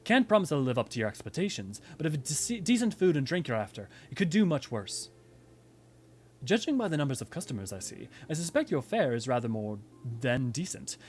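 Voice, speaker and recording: A man voicing a blunt middle-aged tavern keeper in a fan reading of game dialogue, talking in a plain, folksy, low and measured way. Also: sing-song, darkish tone, soft background music, close to an everyday voice. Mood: wry.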